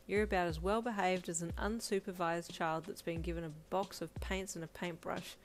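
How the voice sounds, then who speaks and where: A cheeky young woman who teases her partner with quick, playful retorts, voiced by the story's narrator. The voice stays low-pitched and easygoing. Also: fairly even intonation, natural voice.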